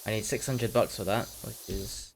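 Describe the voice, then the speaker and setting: A teenage man with a fairly low voice talks through a game in easygoing chat. He rambles from thought to thought and pokes fun at his own jokes, and now and then slips into a put-on British slang voice. A faint hiss sits under his voice. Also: fairly even intonation, moderate pace, low-quality recording. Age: teens. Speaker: gaming commentator. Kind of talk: casual chat while playing a game.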